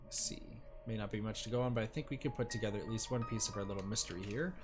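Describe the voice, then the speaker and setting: A man's voice: fairly low pitch, rapid-fire, music in the background. A man streaming a game, joking and chatting casually while reading the story aloud. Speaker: let's play streamer.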